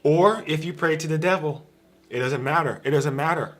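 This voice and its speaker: A man whose voice sits on the high side, speaking at normal speed, livestreams an informal spiritual teaching from a room at home with a dog bed in the corner. He addresses his viewers directly, repeating himself and pressing his points emphatically.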